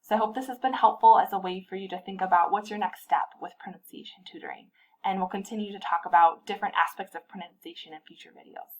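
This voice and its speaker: A woman gives a short instructional tip for literacy tutors. She speaks in a clear, patient teaching voice and draws out example words slowly to show where the stress falls. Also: mid-range voice, poor audio.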